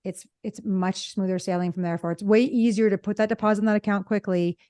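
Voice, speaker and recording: A woman's voice: mid-range voice, steady tone, quick pace, mellow, dry recording. A woman co-hosting a relationship podcast as a therapist, speaking emphatically in a casual chat and repeating her key points with blunt asides. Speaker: relationship psychologist podcast co-host.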